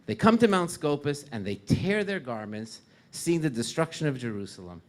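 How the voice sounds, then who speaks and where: A man giving a sermon as a rabbi, telling stories and rising loud when he quotes figures. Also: fairly high pitch, sing-song, normal speed.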